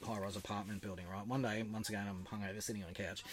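A man's voice: on the low side, racing, a crowd in the background. Swearing Australian man spinning a yarn. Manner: animated anecdote-telling, heavy swearing, acts out the voices of others. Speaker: podcast guest. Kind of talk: casual storytelling chat.

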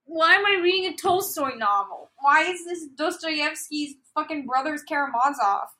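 Young woman, podcast co-host, bright and a touch high, animated and exasperated, reads text aloud with salty commentary. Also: moderate pace. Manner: animated, exasperated, swears freely, bursts into laughter. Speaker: podcast co-host reading a fan story aloud. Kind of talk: casual podcast chat and dramatic reading.

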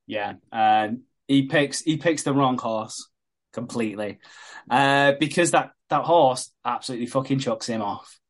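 A man's voice: mid-range voice, unhurried. A man in casual chat, retelling a soap plot with lots of swearing and acted-out quotes. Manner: sweary storyteller acting out quotes. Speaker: podcast co-host.

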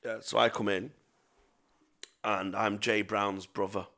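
A man's voice: fairly low pitch, level tone, slow pace, pushed and bright. A young man telling sweary, rambling stories in casual chat as a podcast co-host. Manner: sweary, rambling anecdotes with self-mocking laughs.

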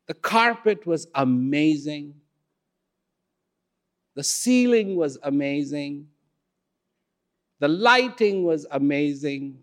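A man telling a story in a talk, unhurried and expressive, with dramatic pauses. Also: a little high. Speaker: speaker.

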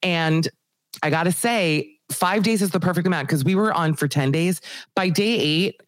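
A woman comedian chatting as a podcast guest, quick, loud and jokey, with lots of "you know". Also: fairly low pitch, no room sound. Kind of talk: casual podcast chat.

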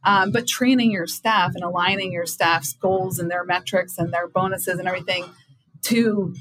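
A woman guest on a podcast who speaks directly and with emphasis, making her points firmly. Her voice sits somewhat low for a woman. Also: fairly even intonation, moderate pace, a bit bright, no room sound, poor audio. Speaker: payments company co-founder, guest. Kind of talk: conversational interview.

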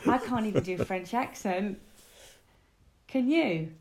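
A woman co-hosting a podcast in casual chat, lively and sweary, laughing often and breaking into song. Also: mid-range voice, a little slow, a crowd in the background. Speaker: podcast co-host.

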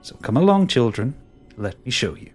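A man's voice: medium pitch, very animated, moderate pace, darkish tone, husky, faint music behind. A man voicing a scheming, grandiose male sorcerer who talks in a smug, theatrical way. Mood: coaxing. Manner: smug, theatrical, dismissive laughs.

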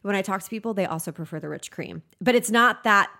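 A woman's voice: medium pitch, quick pace, pushed and bright. A young woman co-hosting a casual beauty chat, playful and enthusiastic. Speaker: podcast co-host.

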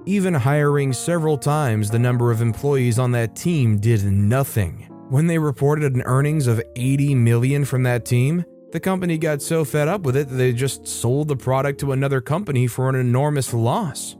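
A man's voice: medium pitch, normal speed, hardly any pauses, mellow, soft background music. A man reading online workplace stories aloud as a narrator, adding wry conversational comments between them. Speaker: story narrator.

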